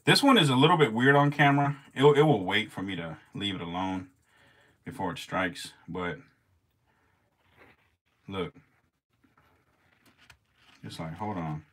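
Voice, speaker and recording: A man's voice: deep voice, a little slow, pauses often, fairly bright tone, breathy edge. A man filming his snakes as they feed, laughing, swearing and talking straight to the animals in a casual vlog.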